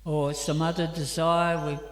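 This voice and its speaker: His voice sits a little high and barely moves in pitch, and he keeps a measured pace. This Australian man gives a temple scripture class, recounting stories casually with lots of fillers, while the hall echoes around him.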